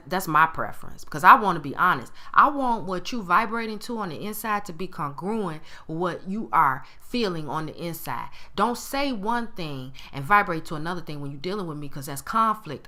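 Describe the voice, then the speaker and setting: A woman's voice: lowish voice, lively intonation, normal speed, few pauses, sharp tone. A woman giving a motivational talk to camera, emphatic and given to acting out other people's tones. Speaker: motivational speaker.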